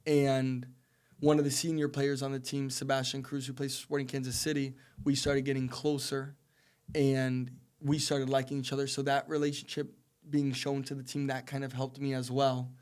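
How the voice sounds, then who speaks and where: A man's voice: medium pitch, level tone, normal speed, darkish tone. A man in his twenties, a podcast guest, telling long earnest stories about his soccer career in a rambling conversational way. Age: 20s. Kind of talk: casual interview storytelling.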